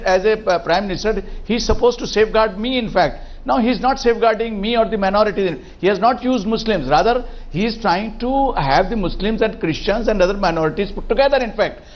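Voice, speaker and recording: Halting panel guest, high voice. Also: male voice. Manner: halting, many fillers and restarts, keeps saying "in fact". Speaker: political debate guest. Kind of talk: arguing a point on a televised panel.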